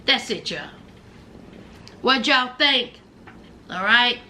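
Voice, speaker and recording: Slight background noise sits behind this woman's slightly high, expressive voice, which is bright and forceful as she slowly recaps a reality show. Chatty and full of slang, she sasses the people on screen and talks right to viewers, calling them y'all.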